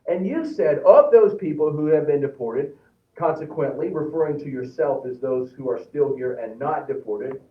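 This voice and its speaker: A man leads a Sunday school class, reading scripture aloud and explaining it with animated, stop-start energy. His voice sits a little high. He is heard from some distance in a roomy space, and the sound is narrow and tinny like a phone line. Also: moderate pace. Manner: animated, repeats words when restarting, reads scripture aloud. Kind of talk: Bible class lesson. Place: church classroom.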